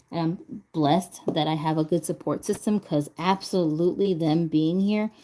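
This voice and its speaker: Mellow-voiced woman chatting casually. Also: lowish voice. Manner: chatty, laughs often, talks to herself. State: recovering from a stroke. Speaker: doll vlogger. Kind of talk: casual chat while crafting.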